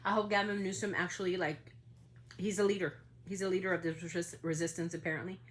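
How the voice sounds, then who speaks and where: A woman's voice: lowish voice, flat delivery, fast. A woman hosting a family podcast in a casual monologue, heated and indignant, swearing as she talks about being upset. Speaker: podcast host.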